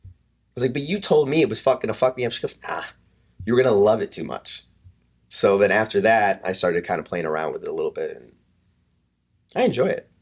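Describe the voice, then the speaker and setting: Deep-voiced man telling a story. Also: quick pace, pauses often, slightly rough. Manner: animated, swears often, acts out quotes. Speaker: podcast guest, fitness coach. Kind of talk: casual storytelling.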